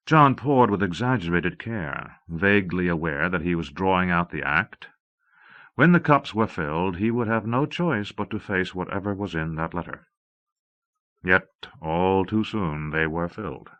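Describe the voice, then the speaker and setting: A man reading an audiobook in a steady, measured way, from an old cassette tape. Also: deep voice, muffled recording. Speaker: audiobook narrator. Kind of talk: scripted narration.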